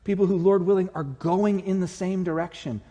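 A man's voice: sits high, fairly even intonation, moderate pace, mellow. A man preaching a sermon as pastor in a church, earnest and conversational with touches of humor. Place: church sanctuary. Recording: reverberant church hall.

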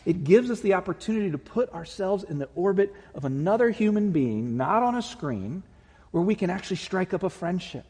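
Pastor, male, mellow and slightly husky, conversational sermon with humor, church hall reverb. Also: high voice, expressive, fairly quick. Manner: earnest, conversational preaching with humor. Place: church sanctuary.

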